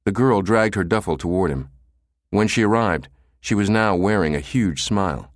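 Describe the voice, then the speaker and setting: A man with a voice on the low side narrates an audiobook steadily and in a measured way. The studio recording is clean, with no room sound.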